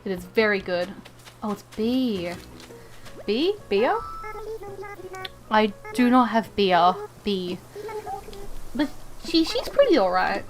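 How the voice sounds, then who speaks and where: A woman live streamer chats casually with her viewers while gaming, playful and rambling, talking to both viewers and game characters and often stumbling and repeating words. Her medium-pitched voice swings widely in pitch, moves slowly with frequent pauses, and plays over music.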